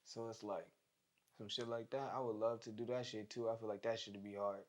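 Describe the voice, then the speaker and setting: A man's voice: fairly low pitch, steady tone, fairly quick. Laid-back young man, slangy chat. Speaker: rapper. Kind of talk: casual chat.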